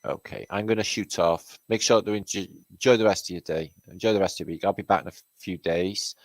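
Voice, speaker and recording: This British host talks quickly in a low-sitting voice as he chats with his live stream audience on his own channel. He swears freely and calls out viewers by name, and there's no echo.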